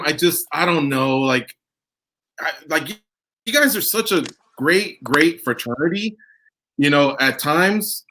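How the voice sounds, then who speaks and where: A man's voice: fairly high pitch, fairly bright tone, a little hiss or hum. A man hosting a radio show, talking in a loose, rambling, casual way and swearing freely. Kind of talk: casual chat.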